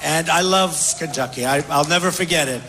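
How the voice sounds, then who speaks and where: A man's voice: fairly high pitch, fairly quick, bright, forceful tone. An older man answering questions at a town hall, repetitive and boastful, talking off the cuff. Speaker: presidential candidate at a town hall. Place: large indoor hall with audience.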